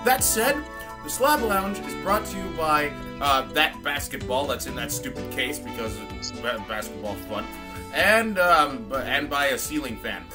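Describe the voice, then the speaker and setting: A man's voice: mid-range voice, lively intonation, moderate pace, music in the background. A man hosting a casual comedy podcast, rambling with stumbling restarts. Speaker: podcast host.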